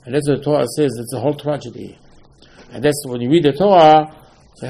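A man teaching a Torah lecture in halting English, repeating phrases for emphasis. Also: medium pitch, creaky, warm tone.

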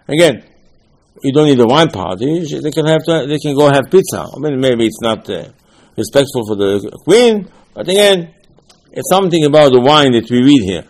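A man's voice: mid-range voice, expressive, moderate pace, rough recording. A man delivers an informal Torah lesson in a conversational way. He circles back on his points, restarts his sentences, and weaves Hebrew terms into his talk. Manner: conversational, repeats himself, frequent restarts and fillers; mixes Hebrew and Aramaic terms into speech.

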